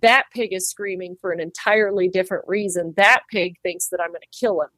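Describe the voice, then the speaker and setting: A woman's voice: fairly low pitch, brisk, dry recording. A woman who trims pig hooves, chatting animatedly in an interview and acting out quoted voices. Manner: animated, acts out quoted voices, laughs easily. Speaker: farrier and pig trimmer. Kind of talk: casual interview talk.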